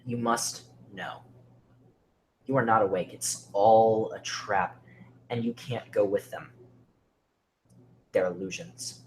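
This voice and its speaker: A man's voice: fairly low pitch, slow pace. Man, horror story narration, dramatic, often near a whisper, faint background hiss.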